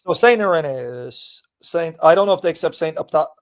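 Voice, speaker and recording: A man's voice: on the high side, animated, a little fast. A man hosting a casual online religious discussion, reading long quotes aloud and pressing his guests with emphatic questions. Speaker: host of a religious debate stream.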